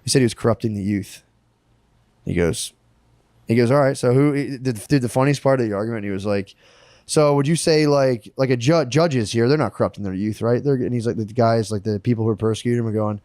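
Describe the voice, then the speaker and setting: A man co-hosting a podcast, chatting casually and telling animated, profane stories full of put-on quotes. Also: mid-range voice, fast talker, no room sound, studio quality. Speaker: podcast co-host. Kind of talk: casual chat.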